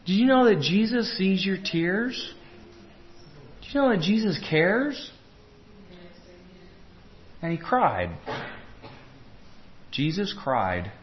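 A man preaching a sermon, earnest, moving between loud urging and hushed tender lines. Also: high-pitched, sing-song, slow pace, pauses often, highs cut off.

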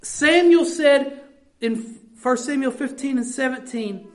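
A woman's voice: sits high, takes it slowly. A middle-aged woman preacher delivering a sermon, reading scripture aloud and then explaining it in plain, earnest talk.

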